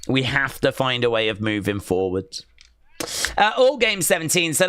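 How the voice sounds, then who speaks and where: A man hosting a live watch-along stream, chatting in a rambling, excitable way and reading viewer comments aloud. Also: medium pitch, a little slow, dry recording, studio quality.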